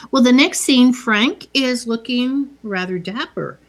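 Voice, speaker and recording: A woman with a slightly high voice chats through a movie's plot in a relaxed, conversational way. She retells each scene at length and slips into the characters' lines as she goes. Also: a little slow. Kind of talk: casual movie recap chat.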